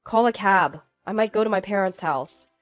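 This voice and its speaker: A woman's voice: mid-range voice, normal speed, faint music behind, lightly acted. A woman voicing an arrogant, belittling middle-aged husband who talks in a curt, dismissive way.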